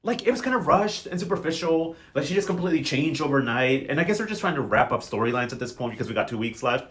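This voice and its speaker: A young man talks fast in a slightly high voice, recapping a soap opera like gossip with friends. His delivery is sassy and slang-filled, quick quips tumbling one after another. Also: lively intonation, fairly bright tone. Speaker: recap vlogger.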